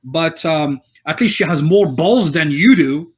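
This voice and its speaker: A man's voice: a little high, animated, unhurried, husky. A man voicing a kind, protective barmaid in a tabletop game.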